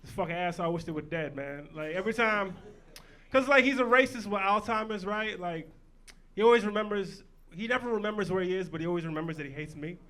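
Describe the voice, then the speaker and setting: A man performing a stand-up set in a comedy club, loud and profane, telling punchy stories. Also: high-pitched, quick pace. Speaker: stand-up comic.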